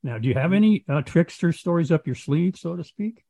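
A man interviewing a guest in a relaxed, curious way. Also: on the high side, a little fast, vocal fry, dry recording. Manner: easygoing, curious. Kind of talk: casual interview.

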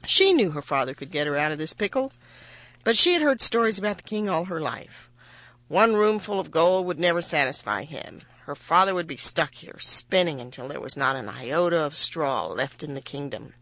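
A woman reading a children's fairy tale aloud in an expressive, animated way. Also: low voice, normal speed, no echo. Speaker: storyteller.

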